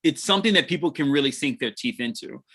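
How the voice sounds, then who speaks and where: A man's voice: medium pitch, animated, fast, a bit bright, husky. A man chatting casually on a livestream, rambling with many restarts and frequent laughs. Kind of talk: casual chat.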